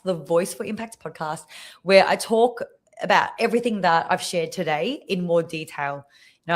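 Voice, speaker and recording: A woman speaking coach, a podcast guest on a video call, explaining clearly and showing examples with her voice. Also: on the low side. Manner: expressive, demonstrates voices while teaching.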